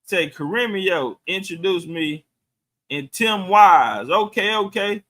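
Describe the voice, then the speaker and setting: A man's voice: high voice, animated, slow, bright, forceful tone. A middle-aged man chatting loosely on a livestream, profane and answering viewer comments. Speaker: livestream host. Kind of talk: casual livestream chat.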